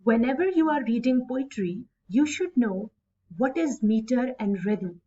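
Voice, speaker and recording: Pakistani english teacher lady, slow careful lecture, sounds far off and muffled. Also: a little high, lively intonation, dark tone, slight background noise. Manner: slow, deliberate, stretching words syllable by syllable. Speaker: English instructor. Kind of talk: recorded classroom lecture. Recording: distant mic, dull lo-fi sound.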